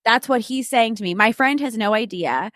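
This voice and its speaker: A woman guest co-host telling a story in casual chat, animated and candid, often laughing. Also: fairly high pitch, moderate pace, no room sound, clean studio sound.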